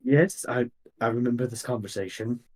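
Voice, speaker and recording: A frightened young man shouts and backs off, voiced by a male game master. He sounds jumpy and defensive, his voice sitting at an ordinary middle pitch and rising into yells. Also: moderate pace, lightly acted. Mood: flustered.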